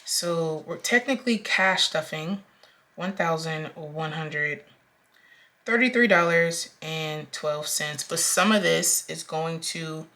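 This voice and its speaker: A woman's voice: sits low, slow pace, sharp tone. A young woman talking casually through her budget as a vlogger, counting out amounts aloud with frequent ums. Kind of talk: casual talk-through while cash stuffing.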